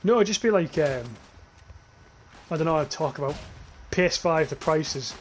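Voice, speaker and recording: A man's voice: on the high side, normal speed, slight background noise. A young man streaming a shooter game, rambling and swearing as he reads chat aloud and laughs at it. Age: young adult. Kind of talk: casual livestream commentary while playing.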